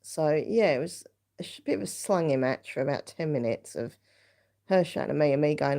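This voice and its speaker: Woman just chatting away on a stream, low gravelly voice, lots of ums and likes. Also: expressive, a little fast, dark tone. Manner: rambling, chatty storytelling with many fillers. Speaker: vlogger hosting a live stream. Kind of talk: casual chat.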